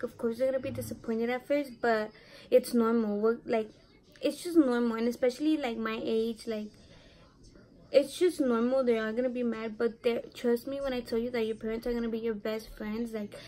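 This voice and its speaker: A woman's voice: a little high, mellow. A young adult woman telling a personal story to her vlog audience in a chatty, confiding way, full of "like" and "you know.". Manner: chatty, heavy use of "like"; emotional, confiding. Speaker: vlogger. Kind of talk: casual storytelling to camera.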